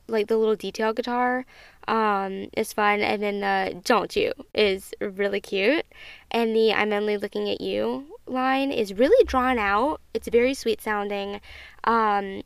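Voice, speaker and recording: Gushing young woman, crisp dry close mic. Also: mid-range voice, fairly bright tone, dry recording. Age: 20s. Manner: gushing, chatty, many fillers like "um" and "like". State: emotional, near tears at times. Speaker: podcast host. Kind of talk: casual solo review podcast.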